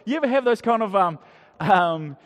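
A man's voice: high-pitched, expressive, normal speed. A middle-aged man preaching a casual sermon to a congregation, talking conversationally with many restarts and questions to the audience. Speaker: pastor. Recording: long hall reverb.

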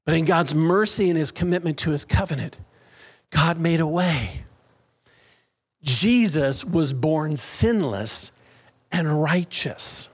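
A middle-aged man preaching a lively sermon in a church, drawing call-and-response from the congregation. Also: fairly high pitch, slow pace, pauses often, breathy edge. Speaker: pastor.

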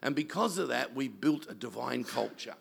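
A man's voice: medium pitch, animated, moderate pace, creaky, husky. A man, a pastor telling stories in a sermon and mimicking the people he quotes. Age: 60s. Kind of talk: sermon storytelling.

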